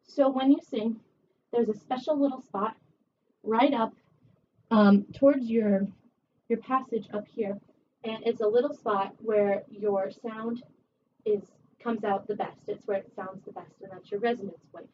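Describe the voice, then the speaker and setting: A woman voice teacher giving a one-on-one singing lesson, chatty and encouraging, her voice a little rough from a recent cold. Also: on the high side, fairly even intonation, unhurried, mellow. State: recovering from a cold. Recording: distant, dull camera audio with faint hiss.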